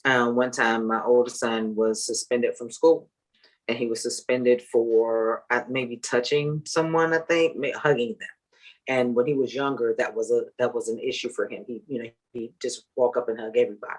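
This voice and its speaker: A woman who works as a parent advocate, talking in a measured way with many fillers. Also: rumbling low, steady tone, low-quality recording. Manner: measured, full of "um" and "you know". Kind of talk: casual chat.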